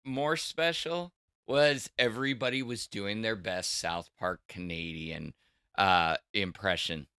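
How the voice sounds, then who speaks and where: Slow, bright-voiced man chatting on a livestream. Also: lowish voice, clean tone, no echo, studio quality. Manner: rambling, with stammered restarts. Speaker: podcast co-host. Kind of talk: casual livestream chat.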